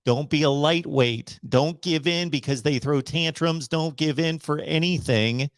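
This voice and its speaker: A middle-aged man hosting a sports call-in livestream, talking emphatically and slowing down to drive his points home. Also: on the high side, dry recording. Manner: emphatic, preachy, slows down to stress points. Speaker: host of a college football call-in show. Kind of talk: casual livestream monologue.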